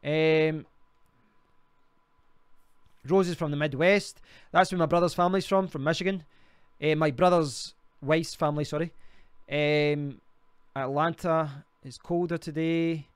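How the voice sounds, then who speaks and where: A man's voice: on the high side, fairly even intonation, measured pace, pauses often, smooth, dry recording, studio quality. A man with a Glaswegian Scottish accent, hosting a casual live stream and rambling through viewer comments. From Scotland. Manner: rambling, restarts often, chatty. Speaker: livestream host.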